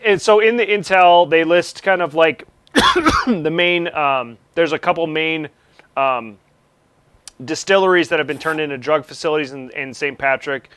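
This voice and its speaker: Rambling game master, clear voice. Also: male voice, on the high side, moderate pace, a bit bright. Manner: rambling, many fillers. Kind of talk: narrating a tabletop game.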